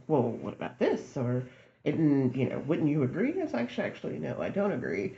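A woman on a podcast telling a dating story in a casual, lively way, acting out both sides of the conversation. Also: low voice, normal speed, vocal fry, reverberant, muffled recording. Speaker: podcast guest.

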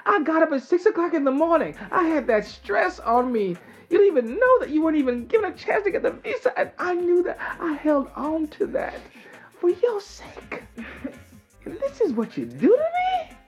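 A woman's voice: extremely high pitch, huge pitch swings, normal speed, faint music behind, pitched above the performer's own voice, heavily acted. A woman putting on the voice of an indignant, guilt-tripping middle-aged mother.

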